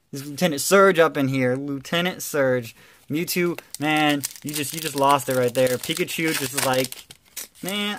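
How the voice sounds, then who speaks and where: A man doing casual, playful commentary while opening trading card packs, excitedly calling out cards and teasing his viewers. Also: mid-range voice. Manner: excitable, calls out card names with bursts of energy.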